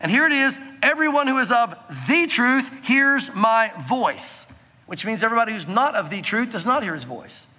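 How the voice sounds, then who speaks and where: A man preaching a sermon from the pulpit, earnest and emphatic, slowing down to stress key phrases. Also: very high-pitched, lively intonation, pushed and bright, long reverb tail. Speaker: pastor.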